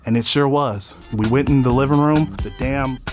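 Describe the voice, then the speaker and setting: A man casually telling a personal story in an animated way, swearing often and acting out what he said at the time. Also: mid-range voice, normal speed. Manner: animated, swearing, acts out his own quotes. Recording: faint music underneath.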